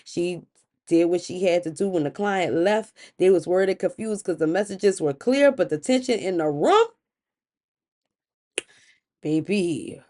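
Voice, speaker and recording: A woman hosts a podcast and retells an old myth in a relaxed, chatty style. Her voice is mellow and warm, and she breaks in with playful, slangy asides. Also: on the low side, measured pace, long pauses. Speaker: podcast host. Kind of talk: casual storytelling of myths.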